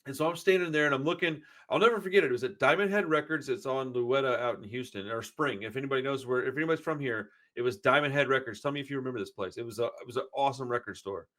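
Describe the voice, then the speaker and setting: A man's voice: mid-range voice, racing, hardly any pauses, fairly bright tone. A man, hosting a podcast and telling long, rambling stories in casual chat, full of cursing and "dude.". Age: 40s. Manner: rambling, profane storyteller, says dude a lot. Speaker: podcast host.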